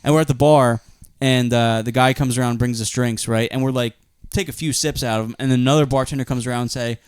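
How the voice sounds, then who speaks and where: A man's voice: medium pitch, steady tone, fast, smooth, dry recording. A man with a Philadelphia-area accent rambles through his stories in casual podcast chat. He laughs often and acts out what everyone said. The sound is dry and close, with no room around it. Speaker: podcast co-host.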